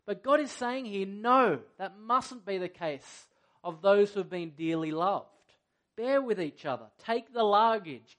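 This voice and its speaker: Earnest man preaching a sermon. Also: high-pitched. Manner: earnest, conversational preaching with rhetorical questions. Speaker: pastor.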